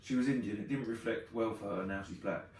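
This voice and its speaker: A man's voice: lowish voice, quick pace, darkish tone, recorded from a distance. A man co-hosting a live podcast, chatty and wry, laughing often. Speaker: podcast co-host. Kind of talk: casual live podcast chat. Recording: very echoey room, off-mic.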